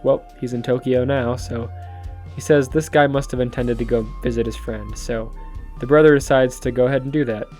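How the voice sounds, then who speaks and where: A man's voice: mid-range voice, fairly even intonation, moderate pace, darkish tone, soft background music. A man casually retelling a comic story, chatty and loose, laughing and swearing as he goes. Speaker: manga reviewer.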